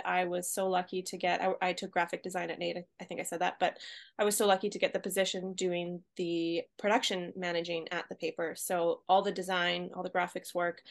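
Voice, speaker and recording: A woman co-hosting a podcast, telling her story in a relaxed way and laughing easily. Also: mid-range voice. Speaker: podcast co-host. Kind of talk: casual podcast chat.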